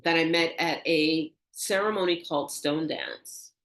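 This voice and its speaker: An older woman, a guest in an interview, telling a personal story with animated, acted-out dialogue and soft, hushed reflective moments. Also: unhurried. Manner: animated, acts out quoted dialogue with rising pitch. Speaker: interview guest, energy healer.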